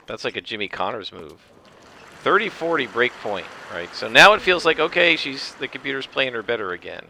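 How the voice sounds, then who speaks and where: A man giving casual commentary over his own tennis game, explaining the rules at length and rambling with restarts and throat clearing. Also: mid-range voice, big pitch swings, normal speed, bright, forceful tone, slight background noise. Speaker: gameplay commentator. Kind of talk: casual let's-play commentary.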